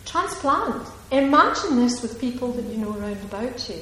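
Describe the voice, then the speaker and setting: A woman's voice: fairly high pitch, expressive, normal speed, a bit bright. A woman from Scotland, an author answering audience questions in a chatty, digressive way, laughing often. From Ayrshire, Scotland. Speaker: author at a reading. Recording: echoey hall with faint noise.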